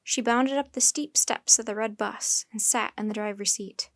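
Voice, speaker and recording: A woman storyteller reading a children's chapter book aloud in steady, clear narration. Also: a little high, moderate pace, no echo, clean studio sound.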